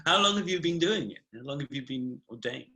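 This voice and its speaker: A man's voice: a little high, animated, a little fast, sharp tone, poor audio. A man hosting a casual live video call chat, laughing often, chatty and playful.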